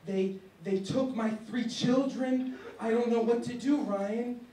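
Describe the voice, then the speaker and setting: A man's voice: very high-pitched, takes it slowly, warm tone, pitched above the performer's own voice. A man voicing a grieving male ogre father who pleads tearfully, recorded from far off in an echoey room.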